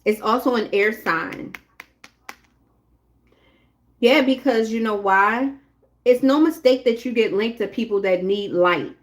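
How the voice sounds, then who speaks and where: A woman's voice: a little high, a little slow, pauses often. Blunt chatty woman reading tarot. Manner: blunt, chatty, talks straight to viewers with cursing. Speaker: tarot reader. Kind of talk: casual live tarot reading.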